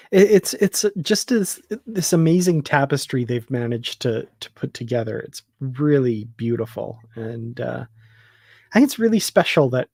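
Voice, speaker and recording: A man talks slowly and warmly about a favorite series, laughing often and filling pauses with ums. His voice sits at a middling pitch. The sound is dry and close, with no room behind it. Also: slightly rough, no echo. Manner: enthusiastic, laughs often, many fillers. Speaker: podcast co-host. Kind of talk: casual fan discussion.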